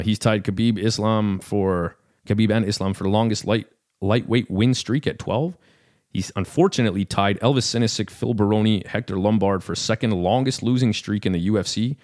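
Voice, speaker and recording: A man's voice: lowish voice, a little mellow. A man hosting a fight podcast, chatting casually in a rambling, self-deprecating way with lots of fillers. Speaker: podcast host. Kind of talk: casual chat about fights.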